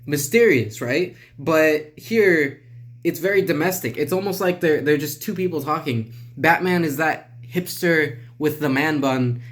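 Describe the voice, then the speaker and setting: A man's voice: on the high side, fairly bright tone. A man giving casual, rambling commentary on a comic book, wry and self-deprecating, talking straight to his viewers.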